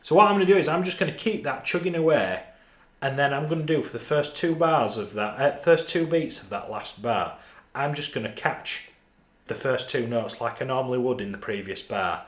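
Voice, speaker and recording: Speaking at a normal speed in a mid-range voice, a Northern English man teaches guitar, counting beats aloud and explaining the parts as he plays. The recording is reverberant.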